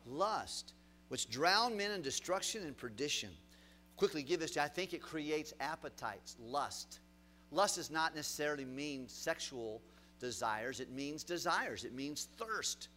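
Man, pastor, sermon, high-pitched voice, loud bursts and quiet drops, questions to the pews. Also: expressive, measured pace, soft background music. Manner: asks the congregation questions.

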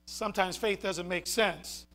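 A man with a very high voice preaches a sermon at a measured pace, animated throughout. He shouts fiery points for emphasis, then drops into soft, hushed asides, hammering key phrases through repetition.

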